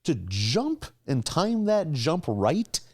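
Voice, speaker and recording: A man's voice: on the high side, big pitch swings, slow pace, a little mellow, husky, no room sound, studio quality. A man co-hosting a podcast, chatting casually about episodes, laughing often and retelling scenes with animation. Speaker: podcast co-host. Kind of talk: casual chat recapping episodes.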